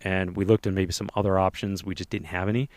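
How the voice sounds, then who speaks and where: A man co-hosting a podcast, telling a lively personal anecdote in a casual way. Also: sits low, fast talker, no room sound. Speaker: podcast co-host telling a story. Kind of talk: casual storytelling.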